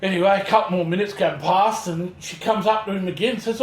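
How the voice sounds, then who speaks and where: A man's voice: high-pitched, fairly even intonation, quick pace. An Australian man co-hosting a podcast in laid-back casual chat, swearing freely and telling rambling jokes. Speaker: podcast co-host. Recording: echoey room with faint noise.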